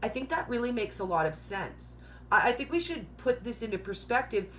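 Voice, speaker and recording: Sing-song and fairly quick, with a slightly high, fairly bright voice, a woman runs a casual live-stream keto Q&A. A little hiss or hum is audible. She jokes and chats, laughs at her own jokes a lot, and uses "like" nonstop.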